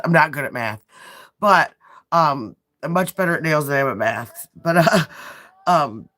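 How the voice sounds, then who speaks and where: A woman's voice: low-pitched, a bit bright. A woman in her thirties with a Midwestern accent, stuffed up from a sinus cold, chatting casually and rambling on her livestream with self-deprecating asides. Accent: Midwestern American. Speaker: nail art livestreamer.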